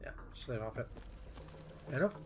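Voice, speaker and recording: Offhand, profane gamer. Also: male voice, moderate pace, a little hiss or hum. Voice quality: offhand, profane, muttering to himself. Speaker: gameplay streamer. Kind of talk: casual gameplay commentary.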